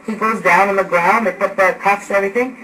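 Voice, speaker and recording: Bright-voiced woman in a roomy house. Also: mid-range voice, fast. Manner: animated, acts out events with gestures. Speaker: eyewitness recounting an arrest. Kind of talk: agitated spoken account. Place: indoors at home. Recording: echoey room, distant mic, background noise.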